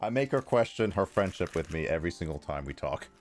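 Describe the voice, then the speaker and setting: A man's voice: low voice, animated, fast talker, faint music behind. A man streaming a game, joking and laughing with friends in casual chat. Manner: joking, giggly, reads game text aloud. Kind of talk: casual livestream chat while playing.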